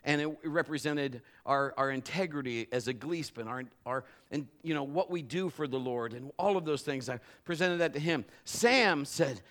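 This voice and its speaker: High bright-voiced middle-aged male pastor. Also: normal speed, few pauses. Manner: emphatic preaching, building to fervent exhortation. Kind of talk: live sermon. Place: church service.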